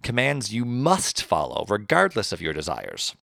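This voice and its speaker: A man's voice: lowish voice, huge pitch swings, normal speed, creaky, a bit bright, dry recording, studio quality. A man, co-hosting a podcast and casually explaining philosophy, self-deprecating and tripping over hard words. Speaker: podcast co-host.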